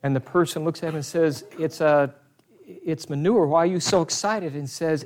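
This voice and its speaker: Earnest male preacher with emphatic pauses. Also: on the high side, a little mellow. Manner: earnest, emphatic preaching with slowed, drawn-out key phrases; conversational asides to the congregation. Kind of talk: sermon.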